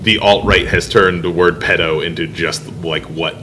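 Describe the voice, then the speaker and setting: A man on a casual podcast, chiming in with dry, wry comments in a bright voice. A light hiss runs under the recording. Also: low voice, steady tone, normal speed. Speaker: podcast co-host. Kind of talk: casual chat.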